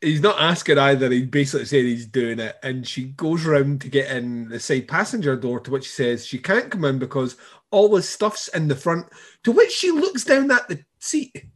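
A man's voice: mid-range voice, animated, moderate pace. A man co-hosting a podcast in casual chat, rambling through a recap of a TV show with frequent swearing and restarts. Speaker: podcast co-host.

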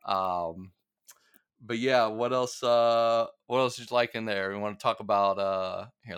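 A man's voice: on the low side, fairly even intonation, a little slow, a bit bright, smooth, no echo, studio quality. A young man co-hosting a podcast, recapping a TV episode in casual, rambling chat with many fillers and frequent laughs. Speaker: podcast co-host.

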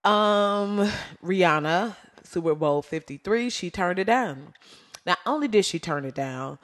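A woman's voice: lowish voice, expressive, measured pace. A woman hosting her own podcast, ranting in a casual, slangy way, laughing often and going off on tangents. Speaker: podcast host. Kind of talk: casual solo podcast rant.

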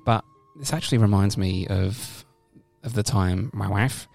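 A man, co-hosting a comedy podcast and rambling through a deadpan, absurd story, with sudden loud shouts now and then. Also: lowish voice, a little slow, vocal fry, soft background music. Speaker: podcast co-host. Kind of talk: casual comedic podcast banter.

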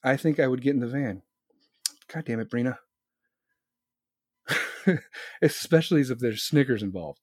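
A man's voice: mid-range voice, lively intonation, moderate pace, pauses often, a little mellow, no room sound, clean studio sound. A man live streaming, answering his chat in a blunt, profane, rambling rant. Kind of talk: casual political rant.

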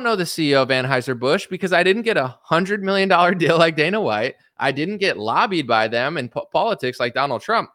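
A man rants in sarcastic, mocking commentary and swears freely. His voice is bright and forceful and sits a little high. It is recorded close and dry. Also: animated, brisk, hardly any pauses, no echo. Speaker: online commentator. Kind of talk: ranting commentary.

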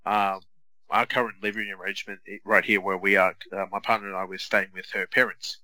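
Casting: young Australian bloke, bright forceful voice, dry close mic, animated swearing storyteller. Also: male voice, deep voice, brisk, dry recording, low-quality recording. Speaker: podcast co-host. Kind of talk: casual watch-along chat.

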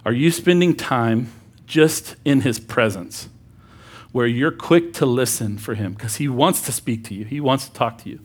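A man's voice: medium pitch, normal speed. A male pastor preaching a conversational sermon, with joking asides and sudden emphatic bursts.

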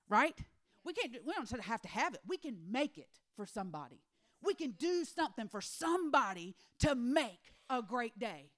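A woman delivers a sermon, telling a Bible story with animated character voices. Her voice sits fairly high and swings widely in pitch. She often drops to a hushed, near-whispered tone to drive a point home. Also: normal speed. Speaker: women's ministry speaker.

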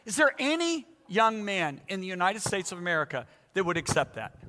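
A man's voice: high-pitched, huge pitch swings, a little fast, hardly any pauses, a bit bright. A man in his sixties preaching a sermon with emphatic, dramatic repetition. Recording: echoey hall.

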